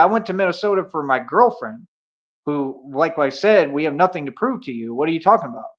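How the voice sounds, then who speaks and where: A man hosting a livestream debate, combative and taunting, repeating himself and throwing in slang. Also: high-pitched. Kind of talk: confrontational livestream argument. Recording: dull lo-fi stream audio.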